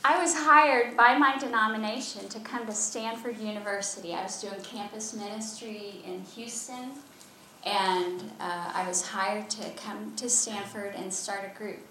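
An older woman from Texas with a Texas accent, preaching a lively, conversational sermon with laughs and asides as a former campus chaplain. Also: mid-range voice, a little slow. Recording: echoey hall from a distance, faint noise.

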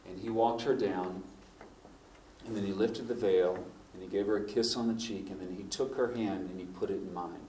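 Middle-aged preacher, animated storyteller, mic at a distance in an echoey church. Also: male voice, sits low, normal speed, slight background noise. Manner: storytelling, animated, building to emphatic points. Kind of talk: sermon. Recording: roomy echo, from off the mic.

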